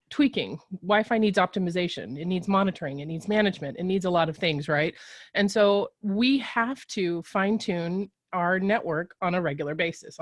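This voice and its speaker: A woman's voice: medium pitch, no room sound, clean studio sound. A woman from Texas hosting a webinar in a bubbly, chatty way, with many fillers. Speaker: webinar host.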